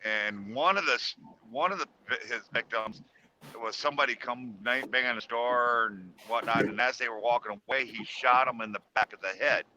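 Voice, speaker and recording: A middle-aged man telling a ghost story on a call in a casual, rambling way with halting restarts. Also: medium pitch, sharp tone, a little hiss or hum, rough recording.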